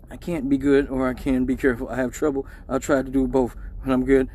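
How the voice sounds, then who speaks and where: A middle-aged man on a live stream recounts a profane story in a casual, animated way, acting out its characters' voices. His medium-pitched voice runs a little fast, with hardly any pauses.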